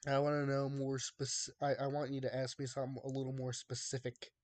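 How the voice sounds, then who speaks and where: A man's voice: mid-range voice, flat delivery, fairly quick, darkish tone. A young man chatting casually with his live-stream viewers, drawling and exasperated as he bounces jokes off the chat. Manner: drawling, exasperated banter with chat, laughs often.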